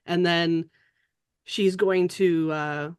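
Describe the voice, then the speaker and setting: A woman's voice: on the low side, steady tone, drawn-out words, clean tone. A woman narrating her character in a tabletop game, casual and rambling. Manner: casual, rambling with many likes. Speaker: player. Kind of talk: tabletop role-play narration.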